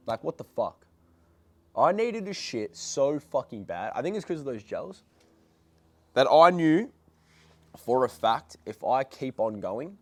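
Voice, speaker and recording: A young man vlogging, telling a story in a casual, blunt, excitable way and swearing heavily. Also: medium pitch, no echo.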